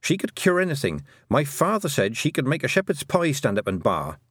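A man puts on a headstrong little farm girl for an audiobook. She argues her point earnestly and won't let it drop. The voice sits lifted and bright over a dry, close sound. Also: medium pitch, wildly swooping pitch, a little fast, breathy edge, no room sound, pitched above the performer's own voice, full character voice. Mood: insistent. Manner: earnest, insistent, a little defiant. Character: stubborn young farm girl set on proving things. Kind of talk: audiobook character voice.

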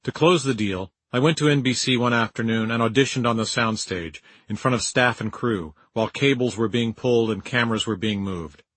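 Older man, husky and dry-witted. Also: medium pitch, fairly bright tone, no echo, rough recording. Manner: dry, wry, measured storytelling. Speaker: memoir narrator. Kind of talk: audiobook memoir narration.

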